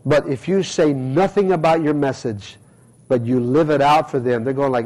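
A man's voice: mid-range voice, moderate pace, a little mellow, low-quality recording. A middle-aged male pastor giving a conversational sermon, acting out everyday quotes as he preaches.

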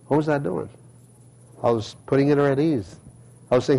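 A man's voice: a little high, fairly even intonation, a little fast, pauses often, a little mellow, rough recording. A middle-aged male pastor giving a conversational sermon, acting out everyday quotes as he preaches.

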